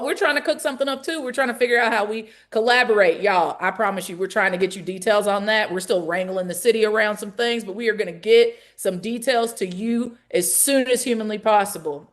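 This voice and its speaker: A woman with a Southern accent hosts an activist mass call, giving lively shout-outs to the audience in a folksy, energetic way. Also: medium pitch. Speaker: call host and organizer. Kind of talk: energetic rally-style call hosting.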